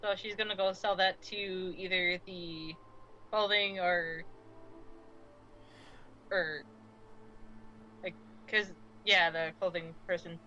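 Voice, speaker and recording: A woman player speaks for her character in a plain, matter-of-fact way, her bright voice coming through dull, lo-fi online audio with a faint hiss beneath. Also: fairly low pitch, fairly even intonation, slow, pauses often. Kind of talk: playing a tabletop game.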